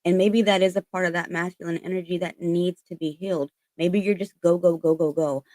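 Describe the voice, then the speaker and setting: A woman's voice: lowish voice, steady tone, a little fast, few pauses, darkish tone, dry recording. A woman giving a casual spiritual tarot reading, earnest and emphatic, swearing freely as she passes on encouraging messages. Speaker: tarot reader.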